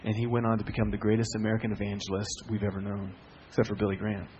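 A middle-aged man preaching a sermon as a pastor, telling stories with swings from hushed to loud. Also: fairly low pitch, monotone, rapid-fire, lo-fi sound, a little hiss or hum.

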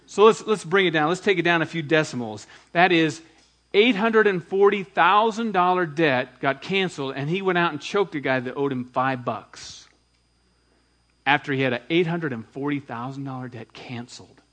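Delivering a sermon at normal speed, this adult pastor has a somewhat high-pitched voice. He preaches with animation, recounting scripture dramatically and slipping in hushed asides.

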